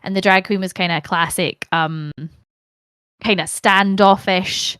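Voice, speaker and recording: Animated Scottish woman telling stories. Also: mid-range voice, unhurried, clear, resonant tone, no echo, studio quality. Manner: animated storyteller, laughs and swears freely. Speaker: podcast guest, actor and streamer. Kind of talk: casual chat.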